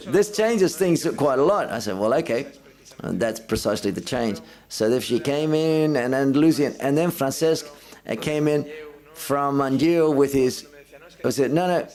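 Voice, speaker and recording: A man's voice: medium pitch, darkish tone. A man giving simultaneous interpretation at a film festival press conference, relaying each speaker in the first person and lifting his voice for quoted lines.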